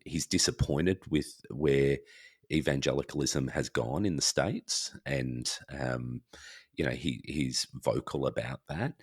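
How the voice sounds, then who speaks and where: Aussie guy on a podcast, super deep voice, lively retelling, dry close sound. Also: slightly rough, no echo. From Australia. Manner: animated, acts out quoted reactions. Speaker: podcast guest. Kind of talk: casual conversation.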